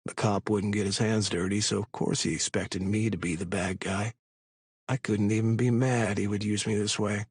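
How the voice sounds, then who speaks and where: A man narrating a romance audiobook in the first person, in an even, casual way. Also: fairly low pitch, normal speed, breathy edge, no echo, studio quality.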